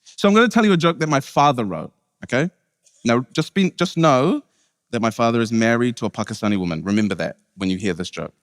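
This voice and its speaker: A man's voice: mid-range voice, expressive, fast, clean studio sound. Kiwi guy doing a funny keynote, bouncy voice, big hall reverb. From New Zealand. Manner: joking, self-interrupting storytelling. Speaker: keynote speaker, comedian. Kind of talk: comic keynote speech.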